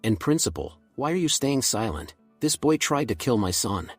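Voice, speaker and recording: A man voicing an angry, greedy middle-aged mother who shouts demands at a school. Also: medium pitch, very animated, normal speed, slightly rough, dry recording, soft background music.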